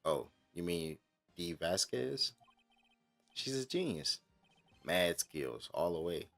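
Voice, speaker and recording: A man reading aloud as a brash, fast-talking male film director in a video game, with a deep, gravelly voice. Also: big pitch swings, fairly bright tone, full character voice. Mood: admiring.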